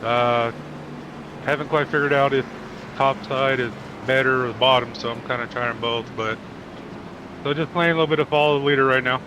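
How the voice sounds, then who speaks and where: A man's voice: mid-range voice, fairly even intonation, brisk, background noise. A man interviewed mid-race as a driver, polite and hesitant, with many fillers.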